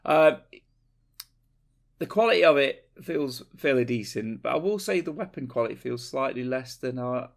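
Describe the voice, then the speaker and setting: A man co-hosting a podcast, talking in an excitable, chatty way with jokey asides. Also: mid-range voice, moderate pace, creaky. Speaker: podcast co-host. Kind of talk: casual chat.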